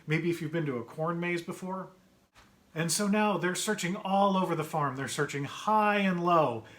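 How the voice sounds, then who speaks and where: Man reading a picture book to kids. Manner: gentle, chatty, pauses to point out pictures and ask kids questions; puts on brighter higher voices for characters' quoted lines. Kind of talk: read-aloud story time for children.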